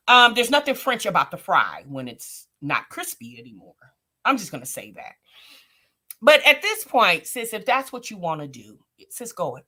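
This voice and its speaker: A woman hosts a casual live-stream commentary, gossiping with sass and reading chat names aloud. Her pitch swings widely and freely. Her tone is bright and forward. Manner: slangy, calls people sis and honey. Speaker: commentary channel host.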